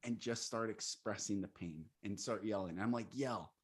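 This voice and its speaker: A man's voice: lowish voice, normal speed. A man who leads men's retreats, speaking earnestly and emphatically in an interview, now and then laughing as he explains. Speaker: coach and retreat leader. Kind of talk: interview conversation.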